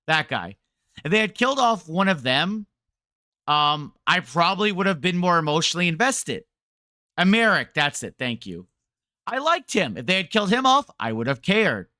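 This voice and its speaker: Bright-voiced sarcastic male streamer. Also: high-pitched, sing-song, normal speed, no room sound, clean studio sound. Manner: rambling, sarcastic. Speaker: game streamer. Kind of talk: casual game rant to chat.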